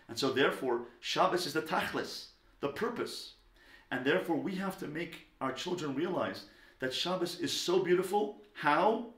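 A man giving a lecture on parenting, talking emphatically and swinging between loud stressed words and soft low asides. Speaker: parenting teacher. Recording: echoey room.

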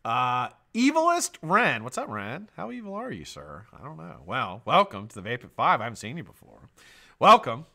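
Loud, swearing live-stream host. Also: male voice, medium pitch, wildly swooping pitch, moderate pace, creaky. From United States. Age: middle-aged. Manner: loud shout-outs, swears, jokey. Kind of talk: live stream chat, greeting viewers.

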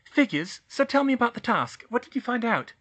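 A man voicing a bossy, clever teenage witch girl in an audiobook reading, insistent and brisk. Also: very high voice, big pitch swings, a bit bright, pitched above the performer's own voice, exaggerated voice. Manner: brisk, insistent, rises to shrieks. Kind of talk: audiobook reading of fan fiction.

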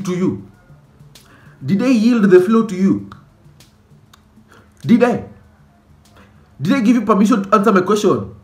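A man doing a comic monologue about school types, animated and mock-outraged, dropping Swahili slang. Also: high-pitched, echoey room. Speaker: comedy sketch creator. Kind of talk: comedic monologue with skits.

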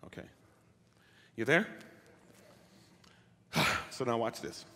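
Male pastor, sermon, bright and forceful, swings from soft asides to shouting. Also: mid-range voice, takes it slowly. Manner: builds from quiet talk to shouting calls; asks the congregation questions. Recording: hall reverb.

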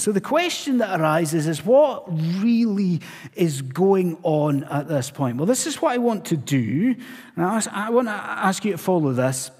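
A male preacher with a high, expressive voice that swoops as he preaches. His tone is a little husky, and he keeps asking his congregation questions. A long church reverb trails after his words. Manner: animated, asks the congregation questions. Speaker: pastor. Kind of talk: sermon. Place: church sanctuary. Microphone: live church recording.

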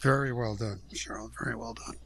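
A man's voice: medium pitch, steady tone, brisk, fairly bright tone, a little hiss or hum. A man in a casual chat, encouraging and full of praise. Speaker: guest songwriter.

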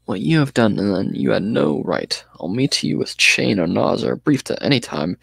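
A man's voice: fairly low pitch, lively intonation, moderate pace, creaky, a bit bright, husky, no room sound, studio quality, exaggerated voice. A man reading as a dim, sneering young thug. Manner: sullen, ignorant, blunt. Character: dim-witted thuggish young male gang member.

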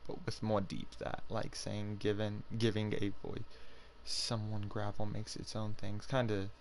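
A man streaming a fighting game, chatting casually with his viewers and often trailing off into quiet mumbles. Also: lowish voice, monotone, measured pace, a little hiss or hum. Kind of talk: casual gaming stream chat.

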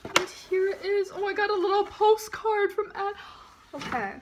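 A woman's voice: very high-pitched, moderate pace, noisy background. A teenage girl rambling through an unboxing in a giddy, self-conscious way, apologizing for how she sounds. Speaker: vlogger. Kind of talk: casual unboxing vlog.

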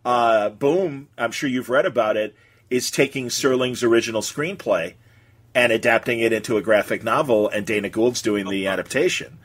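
Husky-voiced man hosting a podcast. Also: medium pitch, normal speed. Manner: chatty, enthusiastic about films and comics. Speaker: podcast host. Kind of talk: casual podcast chat.

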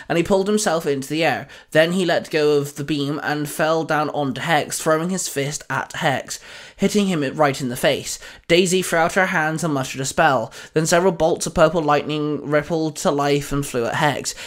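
Guy reading out his fanfic, steady storyteller pace, voice sits kinda high. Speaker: fanfiction narrator. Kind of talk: reading a fan story aloud.

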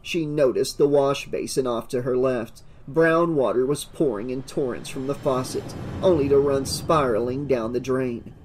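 A man narrating an audiobook in a steady, measured reading. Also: mid-range voice, slight background noise.

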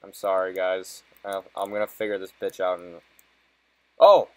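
Young man, lowish voice, casual gaming commentary, cusses a lot, frustrated, joking. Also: flat delivery, moderate pace, a little mellow, rough recording. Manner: swears constantly, frustrated and joking. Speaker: let's play gamer.

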